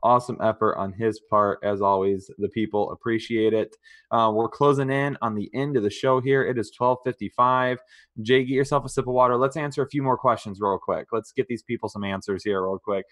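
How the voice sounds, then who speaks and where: A man's voice: fairly low pitch, fairly even intonation, a little fast, fairly bright tone. A young man co-hosting a live fantasy football stream, joking around and reading out viewer questions. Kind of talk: casual live-stream banter and Q&A.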